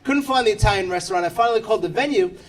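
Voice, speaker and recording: On a comedy club stage, a New York man in his thirties rips through a stand-up set of brash, self-deprecating punchlines to audience laughter. His voice sits high and he talks very fast.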